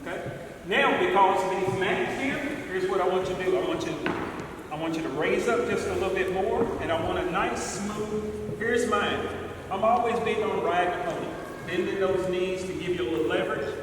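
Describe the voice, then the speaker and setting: High-voiced man coaching golf from afar. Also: normal speed. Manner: encouraging, repetitive, demonstrative. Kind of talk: outdoor instruction to youth. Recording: echoey, distant, noisy field recording.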